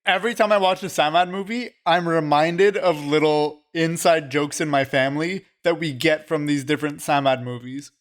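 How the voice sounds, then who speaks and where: A man's voice: on the high side, normal speed, hardly any pauses. A man co-hosting a casual film podcast, laughing often as he animatedly retells scenes. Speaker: podcast co-host.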